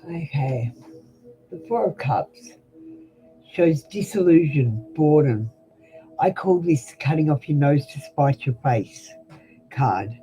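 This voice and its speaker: A young Australian woman reads tarot cards live, talking straight and casually to the people watching. Her voice sits mellow and dark rather than bright, and faint music plays underneath. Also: low-pitched, expressive, slow pace, long pauses, low-quality recording. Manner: blunt, chatty, addresses viewers by name. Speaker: tarot reader. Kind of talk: live-stream tarot reading.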